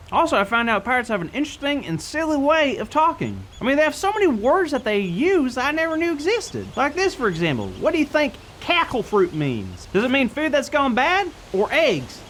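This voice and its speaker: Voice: high-pitched, fairly bright tone, slight background noise. A performer voicing a goofy male kids' show host who pretends to be a pirate and keeps dropping into a growly pirate voice. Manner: playful, slips into a growly pirate voice. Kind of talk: scripted children's show.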